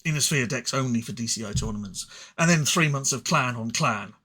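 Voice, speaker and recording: A man's voice: mid-range voice, expressive, brisk, sharp tone, breathy edge. An English man with an English accent reviewing card game cards in a rambling, self-deprecating way with frequent stuttered restarts. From England. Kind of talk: casual solo review.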